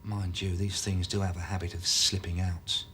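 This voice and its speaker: A man's voice: deep voice, level tone, moderate pace, a bit bright, slightly rough. An actor playing a male police detective who questions a suspect with sardonic, probing remarks.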